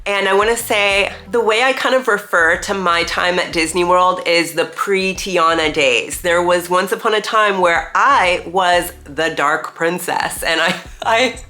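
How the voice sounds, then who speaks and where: A woman's voice: fairly low pitch, sharp tone. A woman in her thirties, sounding nasal and congested from a cold, chatting casually and reminiscing in a vlog. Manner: chatty, reminiscing, laughs easily. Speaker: vlogger, retired theme park performer. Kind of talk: casual talking-head chat.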